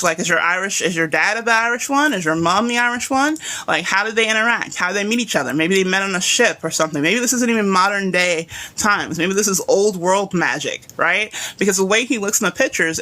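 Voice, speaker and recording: A woman's voice: lowish voice, sharp tone. A woman teaching a live online writing class, talking enthusiastically and rambling with lots of asides and "right?" checks. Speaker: writing instructor.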